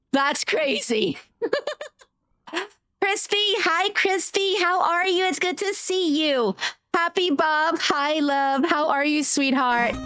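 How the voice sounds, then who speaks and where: A woman streamer chatting casually with her viewers, greeting them warmly by name and swearing now and then. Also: very high voice, slow pace, long pauses, no room sound. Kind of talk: casual live-stream chat.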